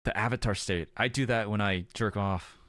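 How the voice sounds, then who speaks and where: A man's voice: fairly low pitch, normal speed, a bit bright, no room sound, studio quality. A young man streaming, chatting casually and reacting to a show as he watches, swearing freely and exclaiming at the screen.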